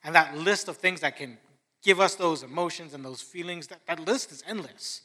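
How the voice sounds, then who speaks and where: A man preaching a sermon as pastor, earnest, dropping softer and quieter when he reads scripture. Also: on the high side, moderate pace.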